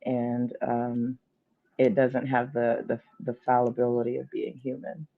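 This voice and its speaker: A woman guest on a casual panel chat, speaking in a measured, thoughtful way with dry humor. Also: extremely low pitch, level tone, gravelly, narrow, tinny audio.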